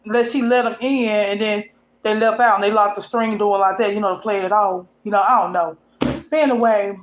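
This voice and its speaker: A woman's voice: mid-range voice, fairly even intonation, normal speed, slight background noise. A woman telling a painful personal story to her vlog audience in a rambling, emotional, colloquial way. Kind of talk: casual storytelling.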